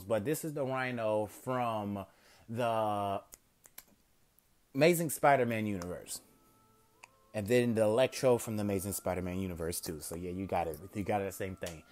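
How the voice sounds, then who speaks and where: A man's voice: lowish voice, darkish tone. Male fan storyteller, casual and rambling, self-corrects often. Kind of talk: improvised fan story narration.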